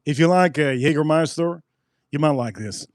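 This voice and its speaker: Excitable man with a light, dry voice. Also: a little high, normal speed, dry recording. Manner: excitable, repeats himself for emphasis. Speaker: spirits reviewer host. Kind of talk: casual live tasting review.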